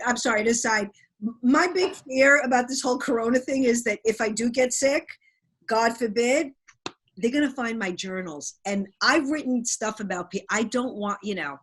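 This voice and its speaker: A woman's voice: on the high side, animated, moderate pace, fairly bright tone, husky, poor audio. A woman interviewing a guest over a video call, rambling with self-interrupting asides.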